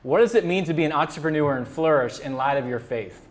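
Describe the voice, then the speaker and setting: Man, event host, slightly high voice, earnest, introduces speaker. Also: quick pace. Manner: earnest, with fillers. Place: luncheon event room.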